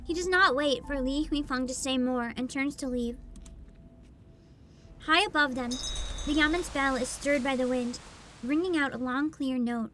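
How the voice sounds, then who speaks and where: A woman's voice: sits high, a little slow, pauses often, a bit bright, slight background noise. A woman streaming a game, reading its text aloud and chatting casually with wry remarks. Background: game music.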